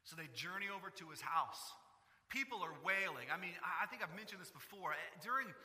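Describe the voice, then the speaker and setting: Bright-voiced male preacher in a reverberant hall. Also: high voice, a little fast. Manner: animated storytelling, acting out quotes. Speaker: pastor. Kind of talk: sermon.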